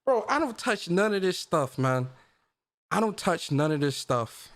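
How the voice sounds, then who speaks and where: Male livestream host, casual and slangy, often laughing, slightly high voice. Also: big pitch swings, a little slow, fairly bright tone.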